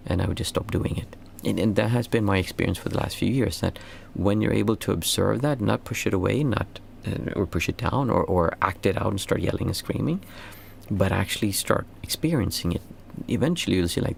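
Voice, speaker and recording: In casual conversation, a male meditation teacher answers questions earnestly and at rambling length, restarting phrases and leaping up in pitch to stress a point. His delivery is brisk and creaky, with slight background noise.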